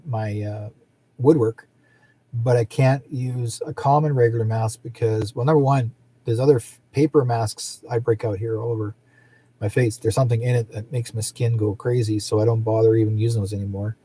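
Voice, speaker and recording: A man's voice: medium pitch, fairly even intonation, moderate pace, warm tone, a little hiss or hum. A middle-aged man hosting a psychic show, talking in a rambling, casual way and often laughing. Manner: rambling, chatty, laughs often, acts out quoted people. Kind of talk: casual livestream chat.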